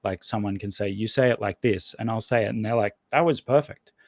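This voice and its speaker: A man's voice: on the low side, flat delivery, fast, no echo. A man as a podcast guest in casual conversation, rambling and thinking aloud with lots of restarts. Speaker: podcast guest, language learner.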